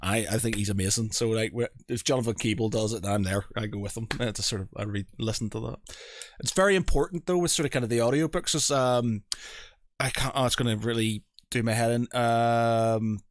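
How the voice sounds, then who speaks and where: A man hosting a podcast who chats casually and rambles, often stopping to hunt for a name and swearing under his breath. His pitch is middling. The sound is dry and close, with no room echo. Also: brisk. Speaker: podcast host.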